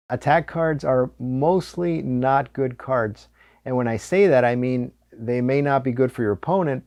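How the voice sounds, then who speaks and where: A man's voice: medium pitch, darkish tone, no echo, clean studio sound. A man hosting a board game preview, explaining the rules in a friendly, explanatory way.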